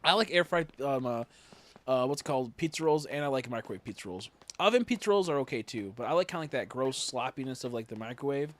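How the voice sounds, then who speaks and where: A man's voice: medium pitch, lively intonation, fast. Young male streamer, casual crude banter, loose rambling delivery. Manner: crude, joking, rambling with profanity. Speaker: game streamer.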